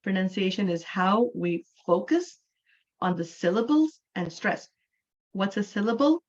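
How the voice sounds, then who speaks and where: A woman's voice: medium pitch, lively intonation, a little slow, highs cut off. A woman from Canada, a native English speaker, teaching an online English class and explaining things patiently, often checking in with "right?".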